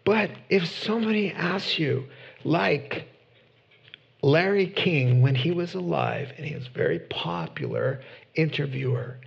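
A man preaching a sermon with passion, swinging from quiet asides to loud pleading. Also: fairly high pitch, creaky, husky, dull audio.

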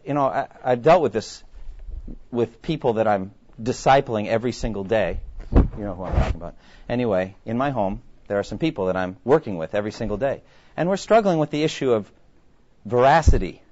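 A man's voice: mid-range voice, dull audio. A man preaching a sermon in a conversational way, often putting questions to his listeners.

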